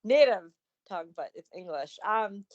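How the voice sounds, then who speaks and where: A woman's voice: mid-range voice, animated, normal speed, highs cut off. A woman co-hosting a casual wrestling podcast, hesitant and full of fillers. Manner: hesitant, filler-heavy, laughing asides. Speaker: podcast co-host.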